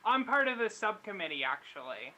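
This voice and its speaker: A man's voice: high-pitched, very animated, a little fast, sharp tone, low-quality recording. A man playing a tabletop game, hesitantly improvising his character's lines. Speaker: player.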